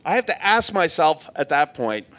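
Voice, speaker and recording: Male preacher, earnest and reflective, pitch rising and falling widely through the sermon. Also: very animated, normal speed, a bit bright. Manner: earnest, reflective, repeats words when restarting.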